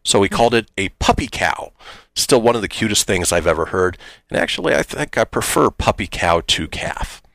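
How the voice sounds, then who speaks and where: A man with a fairly low voice hosts a morning radio chat show. His pitch swings a lot as he reads funny listener posts and riffs on them. The studio sound is close and dry. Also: moderate pace, vocal fry, dry recording. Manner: lively, reads listener posts aloud with jokes.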